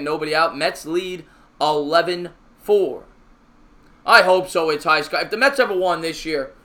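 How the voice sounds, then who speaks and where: A man hosting a live stream, giving fan play-by-play of a baseball game. He is chatty and answers viewer comments between pitches, and he gets excited and raises his voice on big plays.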